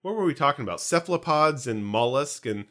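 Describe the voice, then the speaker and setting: A man co-hosting a podcast, talking in a loose, rambling and jokey way. His voice is bright and his pitch moves around a lot. It sounds like easy banter between friends. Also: expressive, a little fast. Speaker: podcast co-host. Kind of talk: casual chat.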